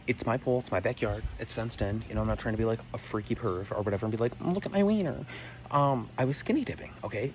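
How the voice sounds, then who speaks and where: A young adult man rambles through a comedic personal story to camera, exaggerated and packed with asides. His voice is fairly low, with a little hiss or hum in the recording.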